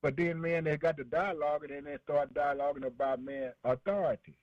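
On the high side in pitch, fairly quick and fairly even in intonation with no room sound, this man preaches a rhythmic, repetitive sermon. He peppers it with fillers like "man" and "boy" in call-and-response fashion, heard through a dry, dull lo-fi radio broadcast.

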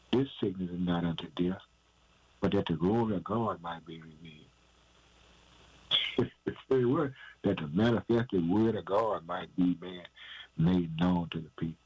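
Husky-voiced man preaching. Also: mid-range voice, darkish tone, muffled recording. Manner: asks and answers his own questions, peppered with "man"; emphatic, repetitive cadence. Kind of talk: informal sermon.

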